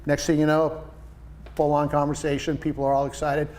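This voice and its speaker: A man in his sixties, a painting business owner, chatting as a guest and telling lively stories with quoted voices. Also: fairly high pitch, brisk, a little hiss or hum. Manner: enthusiastic storyteller, animated quoted voices. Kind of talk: casual interview chat.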